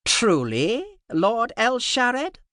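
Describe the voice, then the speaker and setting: A man's voice: very high-pitched, wildly swooping pitch, extremely slow, bright, forceful tone, no room sound, pitched above the performer's own voice, full character voice. A harsh, nasal little emperor, voiced by a male narrator, sneers out sarcastic questions in a pinched, raised tone. His timbre is strained and unlike the narrator's own, and his delivery swoops with scorn. Heard in a dry audiobook recording. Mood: scornful. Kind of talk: audiobook character voice.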